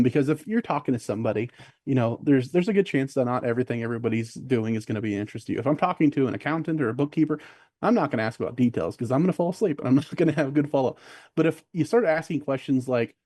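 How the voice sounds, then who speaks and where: A man talks quickly in a relaxed interview, his words tumbling out with fillers and restarts. His voice is mellow and dark, and the sound is dry and close. He slips into quoted voices of other people as he talks. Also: mid-range voice, dry recording. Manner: fast, rambling, many fillers and restarts. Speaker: podcast guest. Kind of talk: casual conversational interview.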